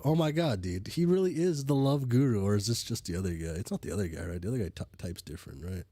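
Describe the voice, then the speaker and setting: Sick man, rambling livestream chat, husky, lively pitch, dry sound. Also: quick pace, few pauses, dry recording. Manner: rambling, full of restarts and fillers; swears casually. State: sick, coughing. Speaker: streamer reading a webcomic.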